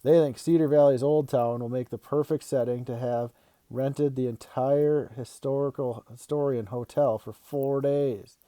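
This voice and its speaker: A man's voice: medium pitch, fairly even intonation, measured pace, dry recording, lightly acted. A man doing a bouncy, overexcited dad. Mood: excited. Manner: eager and loud, teasing. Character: excitable, bouncy adult father, playful joker.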